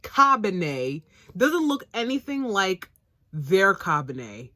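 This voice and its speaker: Woman with a lively, swinging voice. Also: mid-range voice, takes it slowly, no room sound, studio quality. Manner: rambling, blunt, swears casually. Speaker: anime reviewer, co-host. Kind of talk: casual chat.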